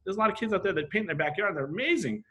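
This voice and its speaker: This middle-aged graffiti artist, a podcast guest, has a high-pitched, rapid-fire voice. He tells stories in animated, casual chat full of profanity, acting out the back-and-forth of conversations.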